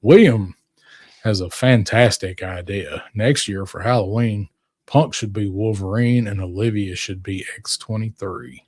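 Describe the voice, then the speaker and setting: A man's voice: on the low side, unhurried, darkish tone, no echo, clean studio sound. A man co-hosting a casual toy show podcast, talking in a loose, rambling way with frequent restarts and fillers. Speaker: co-host.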